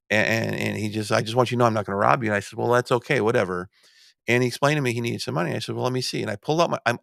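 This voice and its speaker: A middle-aged man hosts his own podcast in a loose, rambling monologue. His voice sits low with a gravelly edge, and he stammers and restarts often as he tells his stories. The sound is dry and close. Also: dry recording. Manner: storytelling with many restarts and stammered repeats. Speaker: podcast host.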